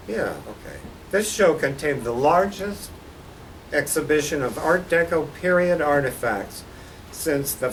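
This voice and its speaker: An older man, a guest artist, gives a slide-show lecture about his posters with dry, wry humor. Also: on the high side. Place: college lecture hall. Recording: distant mic with faint background noise.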